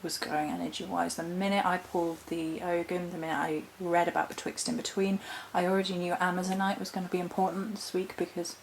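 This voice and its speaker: A woman's voice: fairly low pitch, little pitch movement, a little fast, hardly any pauses, a little hiss or hum, rough recording. A woman vlogger talking in a thoughtful, meandering way about her spiritual practice, breaking off now and then to correct herself. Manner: thoughtful, meandering, with self-interruptions and laughs. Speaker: witch vlogger. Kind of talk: reflective spiritual vlog.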